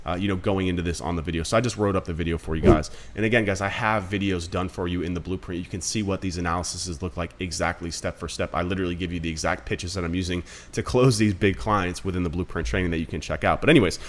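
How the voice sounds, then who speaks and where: A man's voice: low voice, steady tone, fast talker, few pauses, slight background noise. A man in his thirties giving a casual screen-recorded marketing tutorial, blunt and conversational, calling viewers guys. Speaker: marketing instructor.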